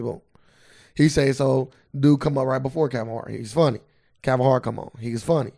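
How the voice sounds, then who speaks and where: A man co-hosting a podcast, telling an animated story in casual banter, swearing freely. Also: medium pitch, fairly quick. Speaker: podcast co-host.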